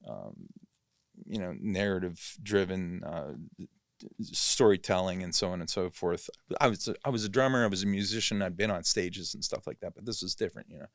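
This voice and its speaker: A male actor, guest in a podcast studio, tells a long story in a casual, rambling way, frequently correcting himself and filling gaps with "you know." His voice sits low and is gravelly and brisk, with no echo.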